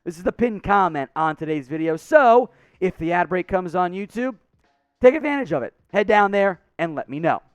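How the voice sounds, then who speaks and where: A man hosting a sports show, ranting in frustration, his voice going hoarse. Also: high voice, animated, moderate pace, dry recording. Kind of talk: fired-up sports commentary.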